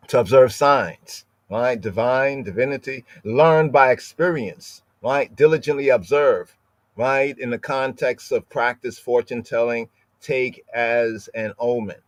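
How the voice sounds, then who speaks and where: A man's voice: mid-range voice, no room sound. Man teaching scripture, dry close sound. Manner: explanatory, keeps adding "right?" and repeats words; lingers over word pronunciations. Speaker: podcast host teaching scripture. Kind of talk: live-streamed scripture study.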